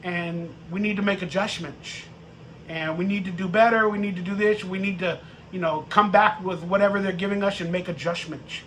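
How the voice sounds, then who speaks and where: A man mimicking a young male football lineman, mumbling in a halting, repetitive, evasive way. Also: high-pitched, fairly even intonation, fairly bright tone, slight background noise, voice pushed down, rough recording.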